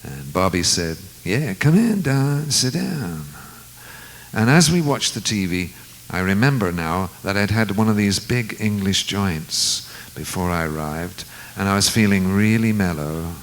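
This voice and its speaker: A low-pitched man recounts a memory at an easy, reflective pace. He slips into the voices of the people in his story now and then, with a faint hiss under the recording. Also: rough recording. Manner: unhurried, reflective storyteller who acts out quoted lines. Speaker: guest musician. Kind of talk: storytelling anecdote in conversation.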